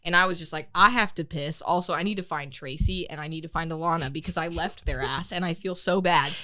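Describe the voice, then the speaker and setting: A young woman co-hosting a podcast, telling a story in a casual, animated way, swearing freely and laughing as she goes. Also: deep voice, fairly quick. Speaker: podcast co-host.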